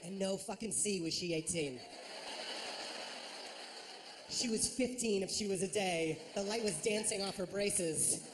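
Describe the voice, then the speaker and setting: A woman doing a stand-up comedy set, telling a story with lively acted-out voices. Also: mid-range voice, normal speed, background noise.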